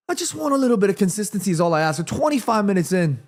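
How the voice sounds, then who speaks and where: A man hosting a live football watchalong, reacting excitedly to the play and reading viewer comments aloud. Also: high-pitched, quick pace. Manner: chatty, addresses viewers and reads their comments. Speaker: watchalong host.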